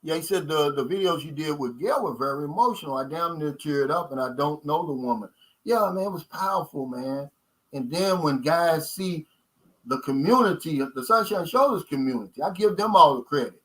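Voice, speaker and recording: A man's voice: fairly high pitch, expressive, moderate pace, fairly bright tone, low-quality recording. A man with a Kentucky accent hosting a casual livestream chat, emphatic and folksy, repeating his key points and calling viewers guys. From United States. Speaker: channel host.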